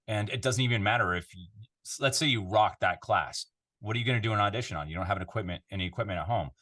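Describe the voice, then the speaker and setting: A Canadian man, a voiceover artist, chatting casually in an interview from his home control room, animated and full of fillers. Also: fairly low pitch, fast talker. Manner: animated, conversational, lots of fillers.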